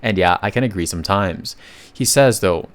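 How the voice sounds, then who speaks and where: A man narrating a comic recap in a casual, chatty way, with sudden loud bursts and slangy asides. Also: deep voice, normal speed.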